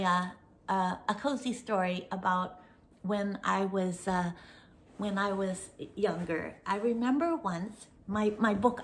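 Rambling storytelling woman. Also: medium pitch. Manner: rambling, animated, drops to a whisper for suspense. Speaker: host. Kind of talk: casual chat, storytelling.

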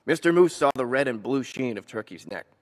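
A man reading a children's picture book aloud in a church, expressive and animated. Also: medium pitch, fairly quick. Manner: expressive, changing voices for animals. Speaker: story reader. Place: church hall.

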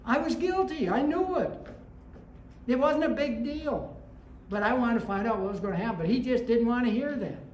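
A woman's voice: fairly high pitch, animated, moderate pace, darkish tone, slight background noise. A woman pastor preaching a sermon in a conversational way, with anecdotes and rising emphasis. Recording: echoey room with faint ambience.

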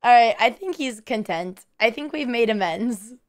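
A young woman streamer with a hoarse, strained voice, chatting casually and playfully cooing at a pet bird. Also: on the high side, animated, moderate pace. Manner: playful, coos and sing-songs at a pet bird. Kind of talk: casual live-stream chat.

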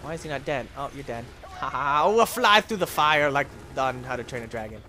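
A man hosting a let's play, commentating his own game with excitable jokes and yelps. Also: mid-range voice, brisk, slight background noise. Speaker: gaming channel host.

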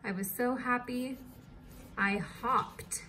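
A woman's voice: on the high side, fairly even intonation, slow pace, pushed and bright, a little hiss or hum. A woman teacher leading a recorded distance-learning lesson, patiently spelling words letter by letter.

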